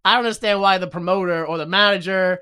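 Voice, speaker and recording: A man casually recapping a TV episode for a podcast, acting out the characters in quick voices and laughing often. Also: sits high, steady tone, pushed and bright, clean tone.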